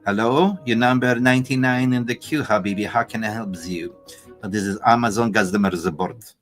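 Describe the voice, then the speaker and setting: A man's voice: lowish voice, normal speed, soft background music, voice pushed down, lightly acted. A man voicing a chirpy, obliging male call-center agent who swaps P sounds for B.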